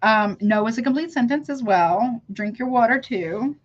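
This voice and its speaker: A woman reads tarot cards on a live stream. She chats loosely with her viewers, breaks off mid-sentence and calls them honey. Her voice sits a little high, and the sound is dull and lo-fi. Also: normal speed. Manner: chatty, calls viewers honey, self-interrupting. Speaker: tarot reader. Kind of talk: live tarot reading, reacting to chat.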